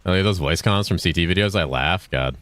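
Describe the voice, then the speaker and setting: A man streaming games and chatting casually with his viewers, with dry, fairly monotone banter. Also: low voice, brisk, no room sound. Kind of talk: casual chat while gaming.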